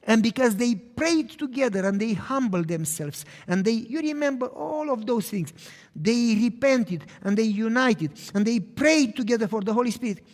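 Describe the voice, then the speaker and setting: A pastor preaching a sermon, earnest, moving between emphatic lines and hushed, quiet passages. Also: male voice, extremely high pitch, animated, normal speed. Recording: echoey hall with long reverb.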